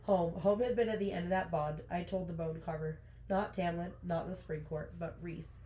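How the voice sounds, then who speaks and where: A woman's voice: on the low side, fairly even intonation, echoey room, dull audio, slight background noise, natural voice. A woman reading aloud the lines of a brooding male fae lord who is confessing his love. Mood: earnest. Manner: reads book lines aloud, hurried and soft.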